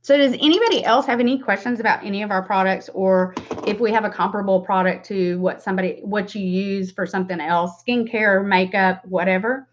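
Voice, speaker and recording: A woman's voice: mid-range voice, fairly quick. Chatty Southern woman in her forties. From American South. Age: 40s. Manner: chatty, rambling, greets viewers by name, laughs often. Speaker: makeup vlogger. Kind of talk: casual livestream makeup chat. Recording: slightly dull lo-fi sound.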